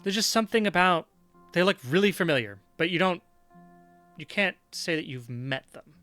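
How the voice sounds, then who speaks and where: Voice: medium pitch, expressive, moderate pace, fairly bright tone, soft background music. A game master narrating a tabletop game with playful, descriptive storytelling.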